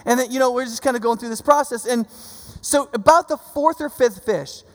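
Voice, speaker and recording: A man of middling pitch with a gravelly edge to his voice gives a chatty sermon. He keeps tossing quick questions at his listeners. His voice rings out with a long reverb, as in a big hall. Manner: conversational, keeps checking in with listeners. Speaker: pastor.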